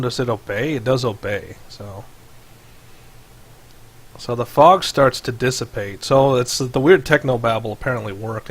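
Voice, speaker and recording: A man narrating as game master over voice chat in a loose, filler-heavy way. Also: mid-range voice. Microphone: headset or desk mic on voice chat.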